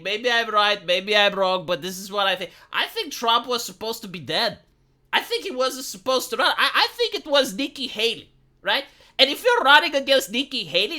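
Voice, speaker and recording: Romanian-accented male streamer, sarcastic rant, bright forceful tone. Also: very high-pitched. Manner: sarcastic, filler-heavy, ranting. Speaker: live streamer. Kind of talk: casual political rant.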